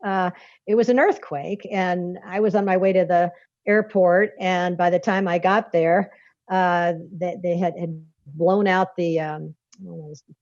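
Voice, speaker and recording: A woman's voice: mid-range voice, no room sound. A woman who is a guest author, telling a story in a rambling, folksy way and laughing often between sentences. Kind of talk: conversational storytelling. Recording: dull lo-fi dry recording.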